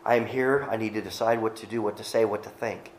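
A man's voice: fairly low pitch, fairly even intonation, fast talker, a little hiss or hum. Man preaching a casual sermon, echoey. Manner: conversational, joking asides. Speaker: pastor.

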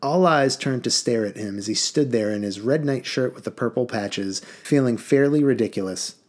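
A man reading a children's novel aloud in a lively, expressive way. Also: medium pitch, moderate pace. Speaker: audiobook reader.

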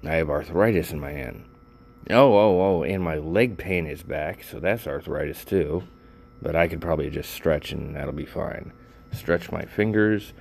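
A man's voice: extremely low pitch, unhurried, creaky, darkish tone. An older man talking casually and rambling to his viewers, with lots of fillers and swearing. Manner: rambling, profane, frequent fillers. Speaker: vlogger.

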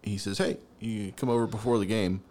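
A man with a low voice tells a story in a relaxed, casual chat. He is an animated storyteller, and his voice leaps upward when he acts out his own younger self. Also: fairly quick. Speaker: podcast co-host.

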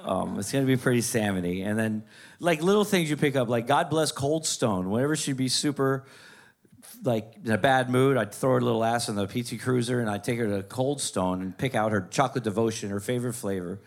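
A man doing stand-up, telling a long family story in casual, profane talk, jumping into high voices to quote his mother. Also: fairly quick. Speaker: stand-up comedian.

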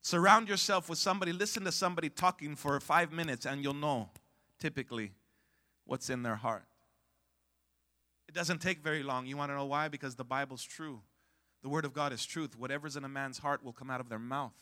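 A male pastor preaching a sermon who calls on the congregation to answer back, swings from hushed to loud, and stumbles over repeated words when worked up. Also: a little high, fairly quick.

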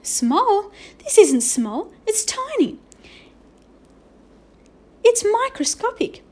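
A woman reading a storybook aloud voices a baffled school art teacher, her voice climbing higher in disbelief. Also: big pitch swings, very slow, a little mellow, heavily acted. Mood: incredulous.

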